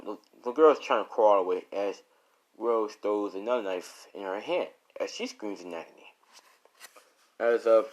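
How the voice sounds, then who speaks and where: A man improvising a dark fan story, rambling with frequent self-corrections and "you know"s. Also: on the low side. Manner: rambling, many restarts and fillers.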